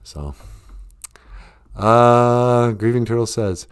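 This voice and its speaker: A man's voice: fairly low pitch, animated, unhurried, pauses often. A man hosting a casual live stream, reading viewer comments aloud and rambling through jokes, laughing often.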